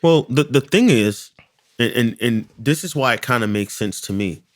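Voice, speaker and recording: Male, mid-pitched, loud animated talker, dry close recording. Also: moderate pace, dry recording. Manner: loud and animated, repeats himself. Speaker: podcast co-host. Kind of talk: casual chat.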